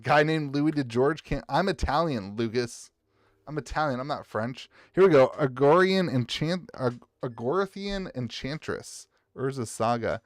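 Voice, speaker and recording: A man's voice: medium pitch, dry recording, clean studio sound. A man with an Appalachian American accent, chatting casually and rambling as he sorts trading cards on a live stream and greets viewers by name. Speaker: card shop owner streaming live.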